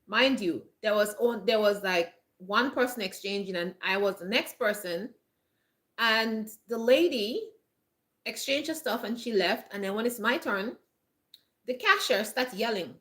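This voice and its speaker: A woman's voice: medium pitch, expressive, a little slow, fairly bright tone. A woman vlogger giving earnest, chatty advice to camera, often repeating herself and restarting her phrases. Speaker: lifestyle vlogger. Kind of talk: casual advice talk to camera.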